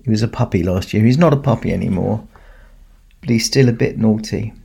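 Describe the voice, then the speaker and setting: Guy doing a kids' christmas tale, rough husky voice, laughs a lot. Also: fairly low pitch, a little fast. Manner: chuckling, warm storybook telling to kids. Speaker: Santa performer telling a children's story. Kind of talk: storytelling to children.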